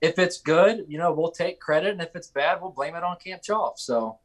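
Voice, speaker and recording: A man with a fairly high voice, a guest on a podcast. He lays things out in a relaxed, matter-of-fact way. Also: normal speed. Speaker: youth ministry guest. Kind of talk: casual chat.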